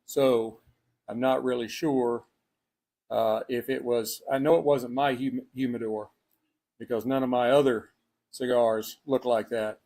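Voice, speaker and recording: Texan male host, casual rambling livestream, husky, slow. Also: mid-range voice, fairly even intonation, darkish tone. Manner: rambling, full of fillers and restarts. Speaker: cigar and spirits show host. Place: outdoors on a breezy day.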